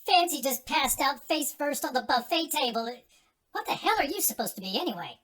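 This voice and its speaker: A man's voice: extremely high pitch, expressive, a little fast, sharp tone, exaggerated voice. A man voicing a stoned male party guest who slurs and tries silly accents.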